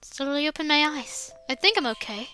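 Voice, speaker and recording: A woman reading a visual novel aloud in expressive first-person narration. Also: high-pitched, moderate pace.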